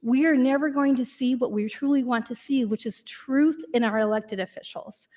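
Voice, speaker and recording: A woman's voice: high-pitched, normal speed, dark tone. A woman state senator making an earnest, insistent speech in legislative floor debate. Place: legislative chamber.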